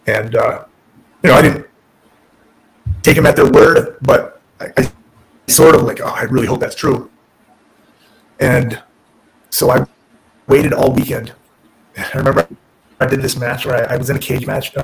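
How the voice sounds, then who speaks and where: A man who is a former wrestler and podcast guest, telling a story in casual, animated talk, restarting sentences and acting out what people said. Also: medium pitch, normal speed, gravelly, long pauses, a little hiss or hum, poor audio. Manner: animated, restarts and self-corrects, acts out quotes.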